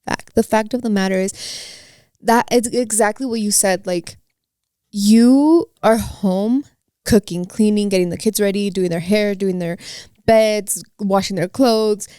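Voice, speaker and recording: A woman's voice: medium pitch, a little slow, dark tone, smooth, no room sound, studio quality. A young woman co-hosting a casual podcast, blunt and swearing freely. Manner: blunt, swears freely, acts out quoted voices. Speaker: podcast co-host.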